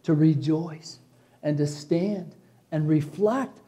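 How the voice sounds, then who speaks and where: A man from Chicago preaching a sermon to his congregation, dropping to soft, hushed passages and rising to loud, exclaiming peaks. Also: on the high side, takes it slowly. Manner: preacherly, addresses congregation as church. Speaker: pastor.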